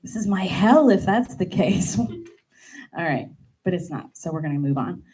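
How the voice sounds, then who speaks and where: Seated at the piano with a stage microphone, a woman who sings and teaches piano chats casually between songs, self-deprecating and laughing at her own expense. Her lowish, warm voice has lively intonation, a measured pace and a breathy edge. The recording is low quality.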